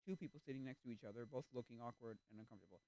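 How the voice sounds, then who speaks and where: A man streaming and chatting casually, animated and easily exasperated, acting out little reactions. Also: medium pitch, rapid-fire, no room sound. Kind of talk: casual chat.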